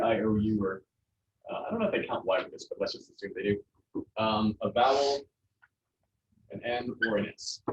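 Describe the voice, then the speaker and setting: A man teaching a Spanish class, explaining patiently with many fillers and restarts. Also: medium pitch. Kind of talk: classroom lesson. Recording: dull lo-fi classroom recording with faint noise.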